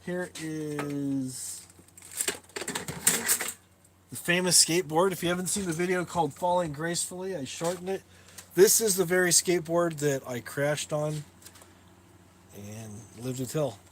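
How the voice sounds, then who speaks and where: A man talks loosely to his live stream viewers from his workshop, wandering from topic to topic. His voice sits a bit higher than most men's. He laughs at himself often. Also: a little slow, pauses often, slight background noise. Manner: rambling, self-mocking, laughs often. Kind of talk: casual live stream tour. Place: workshop in a shipping container.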